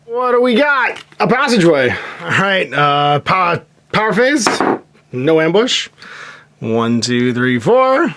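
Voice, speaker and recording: A man's voice: on the high side, a bit bright, clean tone. A man casually narrating his own board game session, counting moves aloud and chuckling to himself. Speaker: host playing a solo board game.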